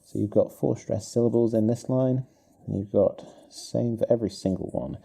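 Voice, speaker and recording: Male teacher, low and dark with some fry, walking a student through meter in a warm, encouraging feedback style. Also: steady tone, moderate pace. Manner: encouraging, talks to the student directly, thinks aloud while writing. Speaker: English teacher. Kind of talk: explaining exam writing while annotating.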